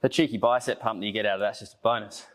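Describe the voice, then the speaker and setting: A man's voice: lowish voice, fairly even intonation, rapid-fire, a bit bright. A young man co-leading a workout, joking and chatting between exercises. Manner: jokey, self-deprecating, chats between sets. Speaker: fitness coach. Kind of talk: workout class banter.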